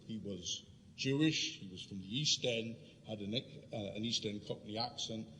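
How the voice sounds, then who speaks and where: A man's voice: lowish voice, moderate pace, a little hiss or hum. A man from London giving an illustrated history lecture, telling stories and speaking directly to his audience. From London, England. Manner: lively storytelling, addressing the audience directly. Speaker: guest lecturer. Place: lecture room. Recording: reverberant lecture hall.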